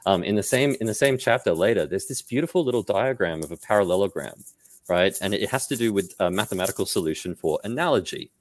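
A man talking about data as a podcast guest, energetic and quick to act out his own reactions, often restarting his sentences. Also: fairly low pitch, no echo. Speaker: data management guest speaker. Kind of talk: animated podcast conversation.

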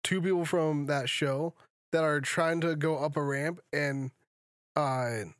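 Chill guy on a podcast, voice a bit high, dry close sound. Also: fairly even intonation, takes it slowly, clear, resonant tone, no echo. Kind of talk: casual chat.

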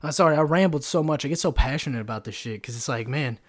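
A man's voice: medium pitch, fast talker. Young man ranting, profane and rambling. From Kentucky, USA. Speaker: podcast host. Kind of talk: casual solo rant. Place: bedroom. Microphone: desk microphone.

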